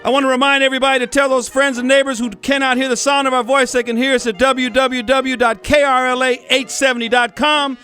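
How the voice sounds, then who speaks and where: A man's voice: extremely high pitch, level tone, fast talker, few pauses, sharp tone, soft background music. A man hosting a talk radio show, ranting angrily and calling out to his listeners as folks. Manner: angry, fired-up ranting, addresses listeners as folks. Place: radio studio.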